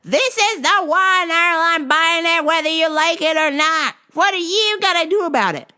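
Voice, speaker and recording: A high, shrill old woman who will not back down, as a woman puts her on for a story. She whines and repeats herself insistently, her voice bright and leaping all over. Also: big pitch swings, normal speed, heavily acted. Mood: stubborn. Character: pushy older woman customer, stubborn and shrill.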